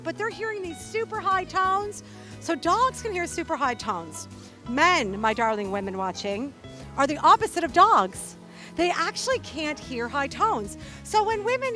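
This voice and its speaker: A woman hosting a show, coaching her viewers straight to camera in an animated, playful way and acting out little quotes. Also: extremely high pitch, moderate pace, soft background music. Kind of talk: direct-to-camera coaching talk.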